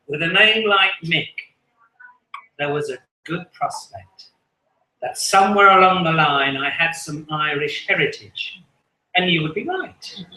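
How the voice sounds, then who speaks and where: A man's voice: fairly high pitch, measured pace, pushed and bright. A man with an English accent doing self-deprecating stand-up comedy at an open mic, chuckling at his own jokes. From England. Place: small live venue. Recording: echoey room.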